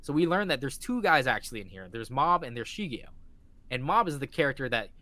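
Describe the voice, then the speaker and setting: A man co-hosting a podcast, retelling a story in casual chat with excited energy and lots of swearing. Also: mid-range voice, fairly quick, no room sound. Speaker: podcast co-host.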